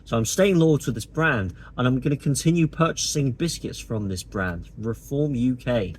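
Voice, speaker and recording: Husky man ranting sarcastically. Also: mid-range voice, animated, normal speed. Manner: sarcastic, indignant, exasperated. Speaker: political vlogger. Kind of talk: opinionated monologue to camera.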